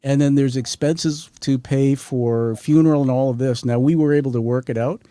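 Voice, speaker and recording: A middle-aged man hosting a podcast interview, talking in an energetic, rambling way and turning to address his listeners directly. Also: medium pitch, moderate pace, no echo. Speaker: podcast host. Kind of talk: conversational interview.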